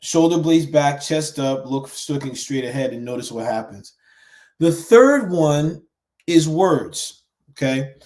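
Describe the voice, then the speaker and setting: A man who founded a men's education group, coaching viewers in an earnest, animated live-stream talk with frequent restarts and pauses. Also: on the high side. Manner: mimics harsh self-talk in sharp raised bursts.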